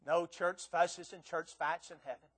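A visiting preacher in his sixties, his voice high and a bit bright, pleads earnestly with the congregation at a moderate pace and in a steady tone. Pressing his point, he often stammers and repeats his words.

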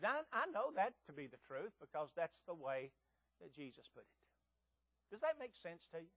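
A man preaching a sermon in an emphatic way, repeating words and asking rhetorical questions, with loud peaks. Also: sits high, sing-song, moderate pace, no echo.

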